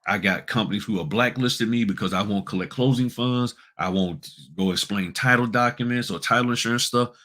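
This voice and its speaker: Folksy, low-voiced man explaining rules. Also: a little fast, few pauses, pushed and bright. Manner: folksy, emphatic, addresses viewers as y'all. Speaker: notary business host. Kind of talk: casual screen-share tutorial.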